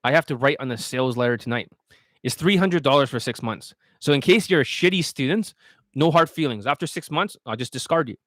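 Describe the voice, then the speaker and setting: A man talking as a dating coach in a casual livestream, blunt, boastful and full of swearing as he pitches his products. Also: expressive, fairly quick, fairly bright tone, dry recording, studio quality.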